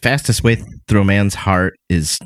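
A man co-hosting a comedy podcast, teasing and bantering quickly. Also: lowish voice, slight background noise. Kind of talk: casual comedic podcast chat.

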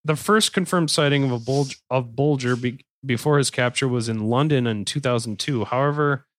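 A man's voice: mid-range voice, moderate pace, dry recording. Man, young adult, podcast host, casual crime storytelling, self-correcting, dry close recording. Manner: relaxed, swearing, jokey asides, self-correcting.

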